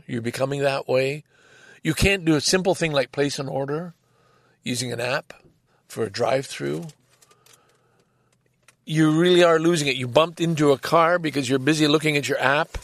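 A man's voice: a little high, normal speed, gravelly, long pauses, no room sound, studio quality. An older man telling a rambling, exasperated story in a casual monologue, swearing freely. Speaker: vlogger.

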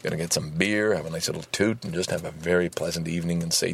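A man hosting a casual solo podcast, ranting in an animated and profane way. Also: low voice, fast talker, creaky, slightly rough. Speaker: podcast host.

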